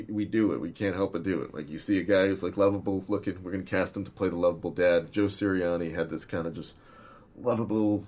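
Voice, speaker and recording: A film director talking in a casual interview, rambling and swearing freely, with lots of fillers. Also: male voice, on the low side, a little mellow. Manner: rambling and profane, full of fillers.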